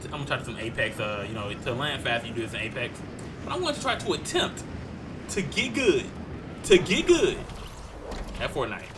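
A man giving jokey, excitable commentary while playing a video game, swinging from low mutters to loud shouts. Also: fast, background noise. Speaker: gaming channel host. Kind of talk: Let's Play commentary.

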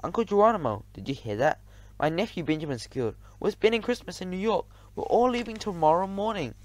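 A man voicing an excitable young male mouse nephew who talks eagerly. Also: sits high, quick pace, voice pushed up. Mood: excited.

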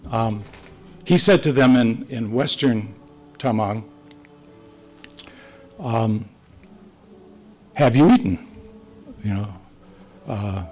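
An older man, once a missionary priest and now retired, teaches Sunday school, telling stories to his church class in a mid-range, darkish voice with vocal fry. His talk rambles from anecdote to anecdote, and he acts out the dialogue with quoted voices. The recording quality is low.

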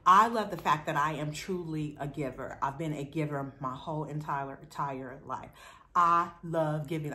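Chatty, warm-hearted middle-aged woman. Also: low voice. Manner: chatty, affectionate, playful and emotional. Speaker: vlogger. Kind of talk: casual chat to camera.

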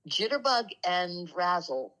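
Earnest and low-voiced, this co-host of a spiritual talk show tells stories in a casual, conversational way with big swings in pitch. She slows and quiets for emotional moments, and the audio is poor.

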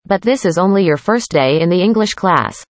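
Woman reading practice dialogues, low voice. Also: lively intonation, normal speed, dry recording. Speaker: dialogue reader. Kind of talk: scripted conversation practice.

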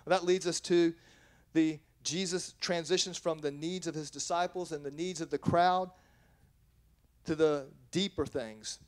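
Man, pastor, sermon, earnest delivery, self-correcting, a bit high-pitched. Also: steady tone, unhurried. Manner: reads scripture aloud, then explains it.

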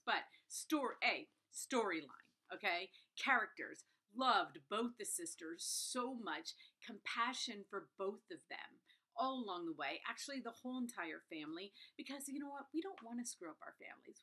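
A woman talks straight to her viewers about a book she loves. She gushes, piles on asides and keeps checking in with "okay?". Her voice is bright and forward. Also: a little high, animated, moderate pace. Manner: gushing, chatty, full of asides and "okay?". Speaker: book reviewer. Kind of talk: casual book review vlog.

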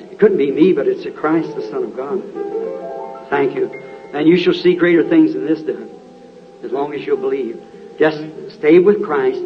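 A middle-aged preacher at a healing service, his voice set fairly high, firing short repeated questions at the crowd. He comes through a muffled, lo-fi 1960s tape. Organ music plays clearly behind him.

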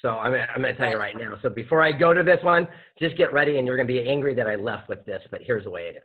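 A man, a podcast guest and author, telling a story with lively acted-out dialogue. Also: medium pitch, racing, husky. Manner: animated storyteller acting out dialogue. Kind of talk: storytelling interview answer. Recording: tinny phone-like line.

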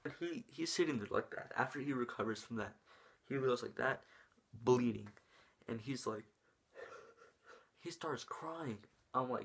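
A young man tells a story straight to camera in a loose, rambling way. He keeps circling back with "like" and restarts, and he acts out the moves with his hands as he goes. His voice sits at an ordinary middle pitch for a man. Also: normal speed, creaky, a bit bright, husky. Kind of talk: casual story time vlog.

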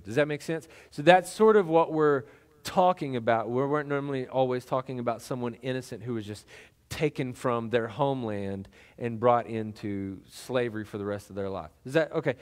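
A man's voice: medium pitch, normal speed, clear, resonant tone. A middle-aged male pastor preaching a sermon in a conversational, folksy way, with lots of fillers and restarts.

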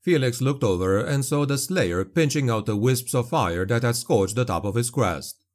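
A man narrating a dark fantasy audiobook in a steady, dramatic storytelling manner. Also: medium pitch, normal speed.

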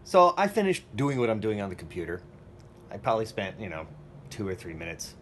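A man's voice: fairly low pitch, very animated, a little fast, a little hiss or hum. A man vlogging a casual first-person story at home, rambling and plain-spoken with many fillers. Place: his apartment and building, walking around.

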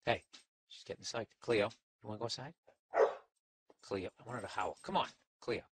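A man's voice: on the low side, normal speed, a bit bright, a little hiss or hum. A middle-aged man with a Boston accent, rambling through a profane, sarcastic comic monologue as a podcast host. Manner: profane, sarcastic, talks to his dog.

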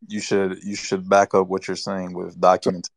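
Low, dry-voiced male caller, curt and dismissive, keeps pressing his demands. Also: monotone, normal speed, vocal fry, dry recording. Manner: terse, dismissive, repeats demands. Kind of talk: heated call-in argument.

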